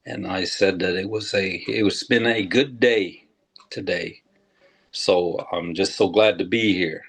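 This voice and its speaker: An older man, a tribal historian, telling a legend slowly and deliberately to an audience, with pauses. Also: deep voice, slightly rough. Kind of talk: storytelling talk.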